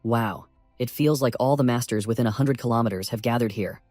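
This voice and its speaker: A man's voice: medium pitch, a little fast, a little mellow, dry recording, soft background music, natural voice. A man voicing a brash young male fighter disciple, cocky and eager.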